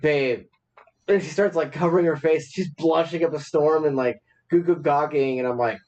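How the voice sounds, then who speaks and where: A man's voice: a little high, normal speed, darkish tone, muffled recording. Man rambling through a story. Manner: rambling storyteller, laughs at himself. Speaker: podcast co-host. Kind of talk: casual chat.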